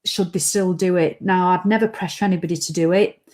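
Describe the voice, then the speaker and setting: A woman's voice: fairly low pitch, steady tone, brisk, darkish tone. A woman, an online fitness coach chatting casually on a live stream from home, greeting viewers by name as she talks.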